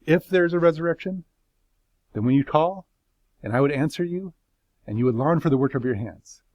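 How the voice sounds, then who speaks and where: A man's voice: a little high, animated, normal speed, a little mellow, no room sound, pitched above the performer's own voice, lightly acted. A man voicing a suffering man who pleads his innocence before God, passionate and bitter. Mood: anguished.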